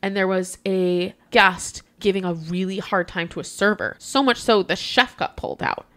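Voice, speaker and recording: Animated woman telling a work story. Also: mid-range voice, normal speed. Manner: animated, acts out the people she quotes. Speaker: hotel worker telling a guest story. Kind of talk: casual podcast storytelling.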